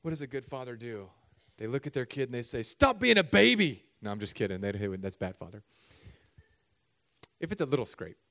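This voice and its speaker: A middle-aged man, a pastor, preaching a sermon in an animated, conversational, joking way. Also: medium pitch, brisk.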